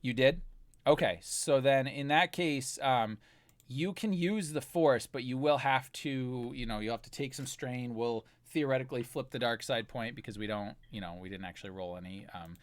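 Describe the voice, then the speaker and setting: A man's voice: medium pitch, normal speed, dry recording. A man narrating a tabletop role-playing game as game master, talking in a loose, rambling way full of fillers.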